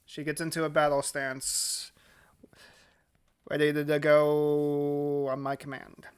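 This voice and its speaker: Slow, smooth-voiced hesitant game player. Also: medium pitch, completely flat delivery. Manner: hesitant, many fillers and repeated words, nerdy and precise about rules. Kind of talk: casual tabletop play.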